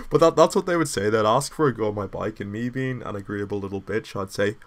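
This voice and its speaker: A man's voice: medium pitch, lively intonation, quick pace, few pauses. Rambling young man. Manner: rambling and self-deprecating, many filler "like"s. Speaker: storyteller. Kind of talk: casual anecdotal storytelling.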